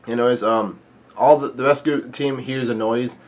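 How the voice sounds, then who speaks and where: Man, casual comic read-along, halting, lots of fillers, medium pitch. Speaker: channel host reading a comic aloud.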